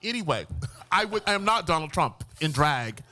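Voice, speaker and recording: A man's voice: big pitch swings, moderate pace, noisy background. An American man speaking as curator on a museum panel, flamboyant and theatrical in manner. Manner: flamboyant and theatrical, swooping pitch. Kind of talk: lively panel talk. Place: museum event hall with audience.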